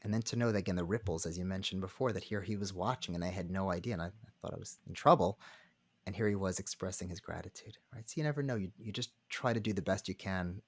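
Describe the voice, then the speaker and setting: A man, a rabbi and counselor, telling a personal story as a podcast guest in an earnest, halting way. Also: low voice, breathy edge, no echo. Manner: earnest, halting, many restarts. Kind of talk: conversational storytelling.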